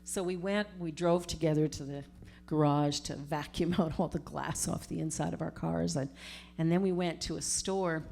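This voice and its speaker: A middle-aged woman, a minister giving a storytelling sermon in a conversational, animated way. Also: low-pitched, normal speed, creaky. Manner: conversational, animated retelling with acted-out quotes.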